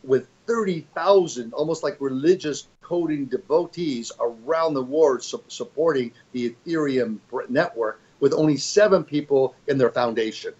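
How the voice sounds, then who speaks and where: A man's voice: mid-range voice, moderate pace, hardly any pauses, darkish tone, husky, dull audio. An older man giving an interview as a fund executive, talking in a rambling, emphatic way with many restarts. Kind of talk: conversational interview.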